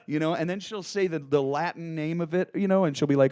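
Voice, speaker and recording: A man's voice: fairly high pitch, fast talker, darkish tone, clean tone, no echo, studio quality. A guitarist and songwriter rambling through stage banter, joking and restarting his sentences between songs at a live club show. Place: small live music club. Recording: live club recording with music.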